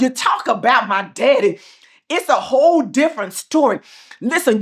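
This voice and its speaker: A middle-aged woman giving a motivational speech as host, repeating phrases with an emphatic, preacher-like cadence. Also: on the high side. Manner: swings from soft and calm to loud and passionate. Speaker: motivational speaker and show host.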